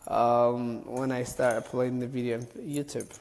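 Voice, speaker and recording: Soft-spoken man chatting to viewers. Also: mid-range voice, level tone, moderate pace, big-room sound, background noise. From Eritrea. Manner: soft-spoken, rambling, reading viewer comments. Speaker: YouTube comedian. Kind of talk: casual live-stream chat.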